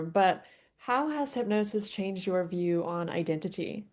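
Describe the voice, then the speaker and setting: A woman hypnotist hosting an interview, asking her questions in a calm, measured way. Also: on the low side. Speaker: hypnotist host.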